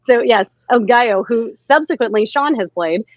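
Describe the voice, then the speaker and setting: Woman co-host, higher voice, eager and reflective, dry dull lo-fi mic. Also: lively intonation, moderate pace, a little mellow, no echo. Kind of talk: casual chat.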